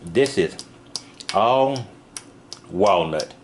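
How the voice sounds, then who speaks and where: Rambling low-voiced man showing a knife. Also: expressive, a little hiss or hum. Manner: rambling, halting, many fillers and restarts. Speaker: knife reviewer. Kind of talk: casual product demo vlog. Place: van.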